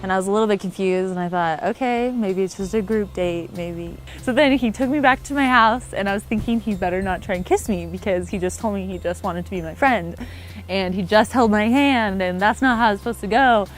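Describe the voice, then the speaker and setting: A woman's voice: medium pitch, fairly quick. Bubbly young woman telling a love story. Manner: bubbly, laughs often, acts out her own quotes. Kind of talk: casual interview storytelling. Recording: soft music underneath.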